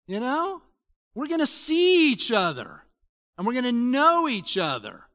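A man in his sixties preaching a sermon in a conversational way, moving between loud emphasis and quiet asides. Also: very high-pitched, wildly swooping pitch, a little slow. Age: 60s. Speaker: pastor.

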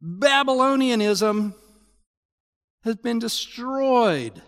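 Animated male preacher in a reverberant hall. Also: very high-pitched, extremely slow. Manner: animated, exclaiming, mock-complaining asides. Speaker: pastor. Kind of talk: expository sermon.

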